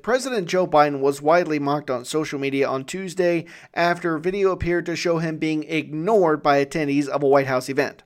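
Podcast host, man, higher register, reads articles then rants with exclamations. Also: clear, resonant tone. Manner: indignant, gets loud and exclaims when riled. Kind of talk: solo commentary podcast reading news articles.

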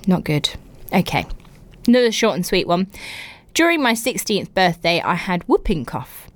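A woman's voice: lowish voice, big pitch swings, moderate pace, no room sound. A young woman from England hosting a casual podcast, reading out listeners' stories and reacting with exaggerated, giggly comments. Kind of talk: casual chat.

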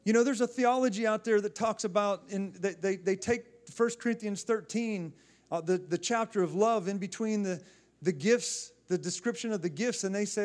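Fervent, high-voiced male preacher. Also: normal speed, a little mellow. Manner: fervent, exhorting, calls and responses; repeats himself and restarts phrases. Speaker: pastor. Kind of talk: sermon.

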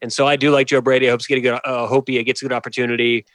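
A man's voice: mid-range voice, little pitch movement, rapid-fire, fairly bright tone, no room sound. A man co-hosting a sports podcast, chatting in an easygoing, agreeable way with some teasing. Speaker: podcast co-host. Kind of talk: casual sports chat.

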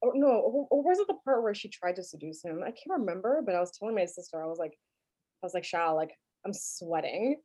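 A woman with a New York accent, co-hosting a casual podcast chat about a film, animated and laughing, with frequent swearing. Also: medium pitch, fast, slightly rough. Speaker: podcast co-host.

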